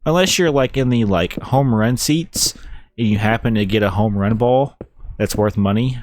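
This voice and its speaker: A man's voice: fairly low pitch, normal speed, a little mellow, no room sound. A man with a Kentucky Southern accent giving rambling, laid-back commentary while he plays a building game on stream. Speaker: let's-play streamer. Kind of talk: casual gameplay commentary.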